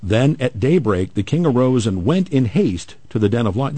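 A man hosting a radio show, reading scripture aloud in a measured way and adding playful asides. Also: mid-range voice, big pitch swings, dark tone, no room sound.

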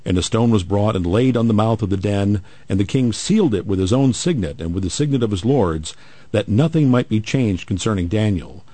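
Male host, low mellow dry voice, steady scripture reading. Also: no echo. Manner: measured reading with playful asides. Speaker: radio show host.

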